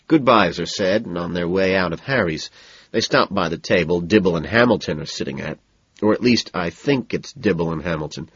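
A man narrating a novel in the first person in a cool, measured, understated way. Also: low-pitched, animated, husky, no room sound, lo-fi sound. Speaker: audiobook narrator.

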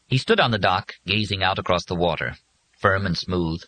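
A man narrating an audiobook in an expressive, measured way. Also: sits low, rough recording.

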